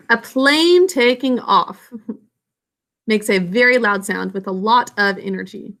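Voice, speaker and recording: A woman's voice: on the high side, sharp tone. A woman teacher explaining a science lesson in a casual, self-correcting way to young students. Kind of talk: recorded classroom lesson.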